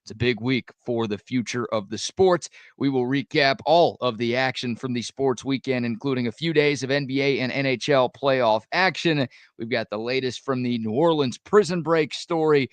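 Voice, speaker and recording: A man's voice: medium pitch, no room sound. Upbeat man hosting a sports radio show. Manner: brisk, upbeat show rundown. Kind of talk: show opening and casual chat.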